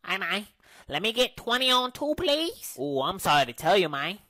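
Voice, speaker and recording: A woman's voice: mid-range voice, very animated, moderate pace, sharp tone, slight background noise. A woman acting out comedy sketches in a slangy, brash and playfully bossy way. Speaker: sketch comedian playing several parts.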